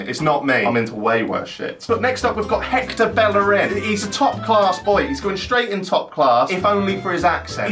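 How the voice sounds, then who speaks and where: A man's voice: on the high side, distant mic. A man, telling comic stories in a cheeky, sweary, self-mocking vlog. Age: 20s. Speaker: YouTuber host. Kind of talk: casual storytelling vlog.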